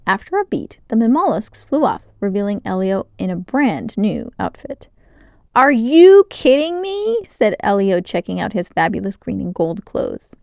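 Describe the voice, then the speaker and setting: A woman reading a children's novel aloud in a clear, expressive storytelling manner, close to the mic. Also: mid-range voice, normal speed, hardly any pauses, no room sound. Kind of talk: children's book read-aloud.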